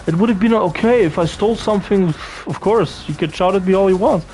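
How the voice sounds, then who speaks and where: A man's voice: sits high, brisk, darkish tone, slight background noise. A young man from Austria, ranting profanely and indignantly as he tells a storytime vlog. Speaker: vlogger. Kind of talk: angry storytime rant.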